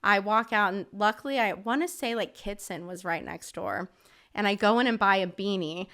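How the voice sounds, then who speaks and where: Podcast guest lady rambling thru a story, smooth clear voice, says like a lot, swears. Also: mid-range voice, moderate pace, a bit bright. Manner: chatty, filler-heavy with frequent "like", swears freely. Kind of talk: casual storytelling.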